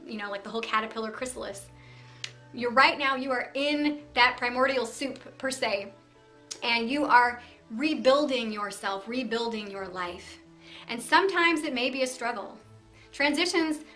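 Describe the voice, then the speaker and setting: A middle-aged woman hosting a motivational video series, talking to camera with lively encouragement, numbered steps and little stories. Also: on the high side. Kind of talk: upbeat motivational talk to camera.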